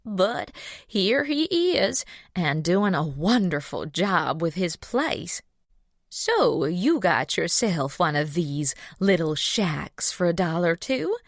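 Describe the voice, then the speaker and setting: A woman's voice: fairly low pitch, sing-song, takes it slowly, dry recording, studio quality, exaggerated voice. A woman voicing an older wealthy Southern belle mother with a sweet cooing drawl and a Southern US accent.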